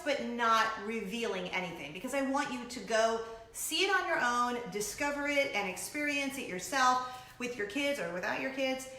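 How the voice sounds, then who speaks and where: A middle-aged woman hosting a casual chat show, talking in a bubbly, gushing way with excited asides. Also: a little high, reverberant. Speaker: host.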